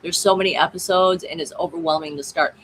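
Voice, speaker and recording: A woman's voice: lowish voice, fairly even intonation, fast, a bit bright, a little hiss or hum, low-quality recording. A woman hosting her own channel, chatting casually and rambling through a story with frequent asides to viewers. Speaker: channel host.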